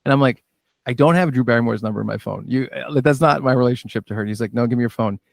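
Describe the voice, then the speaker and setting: A man, a musician and director, telling lively stories in a casual interview and acting out what people said. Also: medium pitch, very fast, creaky, no room sound, studio quality. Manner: animated storyteller, acts out quoted dialogue.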